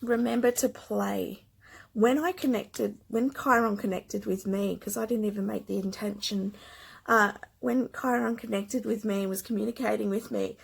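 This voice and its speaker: A woman reads spiritual cards in a gentle, emotional way, sometimes slipping into a whisper. Her voice is husky with a gravelly edge, and she takes her time over every phrase. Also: medium pitch, rough recording. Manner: gentle, emotional, slow with soft whispered asides. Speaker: tarot card reader. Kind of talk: spiritual card reading.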